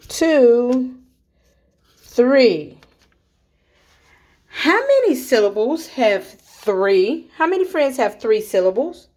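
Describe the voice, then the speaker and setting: A woman teaching little children, her voice set fairly high and moving up and down a lot. She talks very slowly and deliberately, drawing out each name and number so the kids can follow. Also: a little mellow. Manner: slow and deliberate, counting and clapping out names for small children. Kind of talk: slow, clear teaching to young children.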